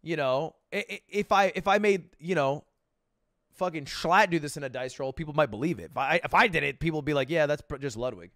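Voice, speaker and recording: A man's voice: a little high, brisk, a bit bright, no room sound, studio quality. A man in his twenties giving casual, rambling reaction commentary, laughing and packing his talk with fillers. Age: 20s. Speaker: streamer reacting to a video.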